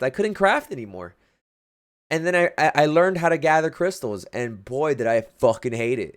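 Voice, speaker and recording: A man tells a sheepish gaming confession in casual chat, his pitch swinging widely as he rambles, restarts and builds to the good part. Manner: rambling, lively, stumbles and restarts.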